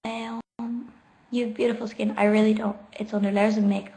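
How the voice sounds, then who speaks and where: Sitting on the floor at home, a woman does a casual late-night livestream into her laptop microphone. Her medium-pitched voice is level, warm and creaky at a normal speed, and she's chatty and giggly while reading out viewer questions and answering them.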